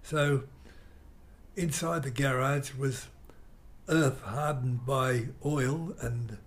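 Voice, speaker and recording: An older man telling a rambling, animated story in an interview. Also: medium pitch, very slow. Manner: rambling, animated storyteller who mimics guitar sounds. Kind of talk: reminiscing anecdote.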